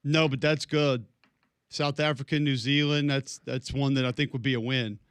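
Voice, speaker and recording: A man's voice: medium pitch, fairly even intonation, normal speed, fairly bright tone, clear, resonant tone, dry recording. A man hosting a sports radio morning show, chatting casually and rambling through his thoughts. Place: radio studio.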